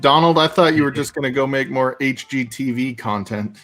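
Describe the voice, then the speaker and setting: A man's voice: mid-range voice, a little fast, a bit bright, faint music behind. A man from the United States chatting casually as co-host, laid-back with casual swearing. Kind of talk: casual chat.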